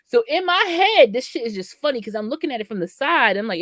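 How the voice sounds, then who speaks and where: Lively, profane woman telling a story. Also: high voice, brisk, hardly any pauses, no room sound, clean studio sound. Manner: animated, profane, laughing storyteller. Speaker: podcast co-host. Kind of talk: candid storytelling chat.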